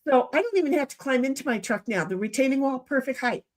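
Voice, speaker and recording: A woman's voice: sits high, quick pace. A middle-aged woman hosting a casual livestream, telling rambling stories and checking in with her listener. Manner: chatty, rambling, animated, checks in with "okay?". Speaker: livestream host. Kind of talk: casual storytelling chat.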